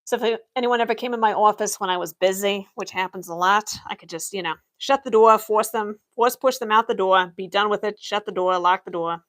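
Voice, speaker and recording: Young adult woman, livestream Q&A, in-character office clerk, deadpan, matter-of-fact, medium pitch. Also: fairly quick, hardly any pauses. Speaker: livestreamer playing an Imperial office worker.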